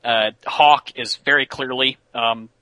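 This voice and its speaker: Bright, exasperated man critiquing dryly. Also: mid-range voice, fairly even intonation, slow, no echo. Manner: exasperated, opinionated. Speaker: podcast co-host. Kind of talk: casual chat, critique.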